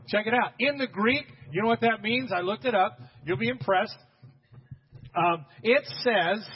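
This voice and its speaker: A man preaching a sermon as pastor, talking straight to his congregation and building to loud, emphatic bursts. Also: sits high, moderate pace, slightly rough, in a large hall, highs cut off.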